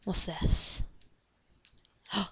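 A woman gamer provides let's play commentary, excitable and gasping as she talks to game characters and sometimes drops to hushed whispers. She speaks very slowly, with no room sound.

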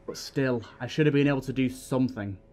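Guy doing a jittery young healer, guilty and nervous, quick lines. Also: medium pitch, darkish tone, slight background noise, close to an everyday voice. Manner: nervous, hurried.

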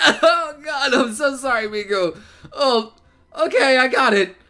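A man giving excitable let's play commentary, laughing and swearing through his reactions. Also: very high-pitched, takes it slowly, clean tone. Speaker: gaming channel host.

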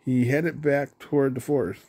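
Mellow husky man reading a storybook. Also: mid-range voice, steady tone. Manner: unhurried, with small slips and restarts. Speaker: storybook reader. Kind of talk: reading a children's story aloud.

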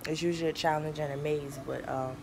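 A woman's voice: low-pitched, steady tone, quick pace, creaky. Chatty woman vlogging from a noisy home. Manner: chatty, talks to her pets and viewers. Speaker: lifestyle vlogger. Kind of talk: casual chat.

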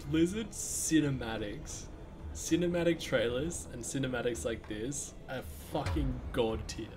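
A man's voice: mid-range voice, unhurried, music in the background. A man chatting casually on a game stream, laid-back, chuckling often and swearing casually. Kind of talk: casual gaming stream chat.

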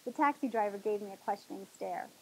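A woman hosting a talk show, reading a novel aloud in a dramatic, expressive way. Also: mid-range voice, fast talker, breathy edge, poor audio.

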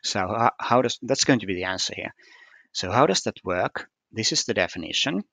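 This fairly low-pitched male voice is expressive and brisk, with a creaky, husky, pushed and bright quality and no room sound. He's a puzzle solver narrating a screen-recorded walkthrough, moving through the solution step by step in a hesitant, methodical way with frequent fillers.

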